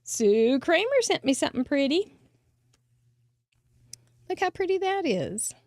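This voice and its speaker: A middle-aged woman hosting a craft show, chatting warmly and gushing as she shows cards that viewers sent her. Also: high voice, sing-song, unhurried, dry recording, clean studio sound. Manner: chatty, gushing, laughs often. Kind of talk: casual chat showing mailed cards.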